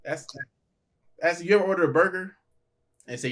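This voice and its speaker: A man's voice: high voice, normal speed, fairly bright tone. A man from Nigeria, a comedian guest, joking and teasing in a casual podcast chat and laughing often.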